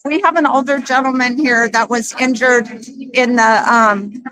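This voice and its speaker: A woman reporting live at a press conference, interviewing people on the spot with quick, slightly flustered asides. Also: fairly high pitch, steady tone, crowd noise, low-quality recording. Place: outdoor protest at a state capitol.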